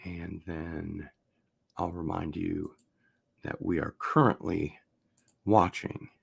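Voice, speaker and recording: A man hosting a casual unboxing video, chatting in a relaxed, rambling way and getting excited about vinyl records. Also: low-pitched, takes it slowly, vocal fry, husky. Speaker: host.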